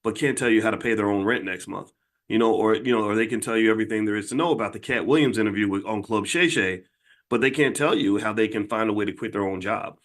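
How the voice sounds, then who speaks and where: A man's voice: lowish voice, fast, a bit bright. A middle-aged man hosting his channel, talking straight to viewers in an earnest, conversational way, often repeating and restarting phrases. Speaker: channel host and finance educator. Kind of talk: casual monologue to viewers.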